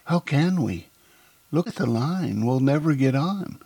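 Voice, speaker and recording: A man's voice: mid-range voice, animated, measured pace, creaky, mellow, husky, no room sound, pitched above the performer's own voice, exaggerated voice. A man voicing a shy, hesitant young woman who doubts herself. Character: nervous young woman, shy reluctant skater.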